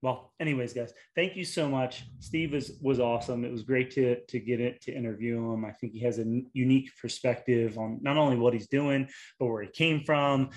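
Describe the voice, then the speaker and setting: A man's voice: mid-range voice, steady tone. A man hosting a casual interview, rambling with many restarts and fillers. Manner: rambling, halting with repeated restarts. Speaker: interview host.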